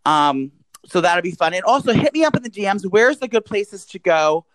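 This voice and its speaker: A man's voice: high voice, very animated, moderate pace, fairly bright tone, dry recording, poor audio. A young man co-hosting a podcast, talking in a crude, joking, rambling way. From US East Coast. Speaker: podcast co-host. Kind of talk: casual chat.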